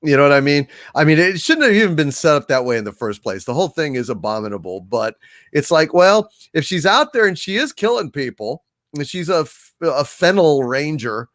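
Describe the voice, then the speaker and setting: A man's voice: medium pitch, a bit bright, dry recording, studio quality. A man co-hosting a casual live-stream chat, sarcastic and mocking as he talks. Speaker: co-host.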